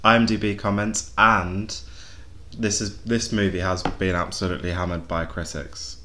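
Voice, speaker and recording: A man's voice: sits low, flat delivery, moderate pace, pushed and bright. A man hosting a casual chat, often repeating words as he gathers his thoughts.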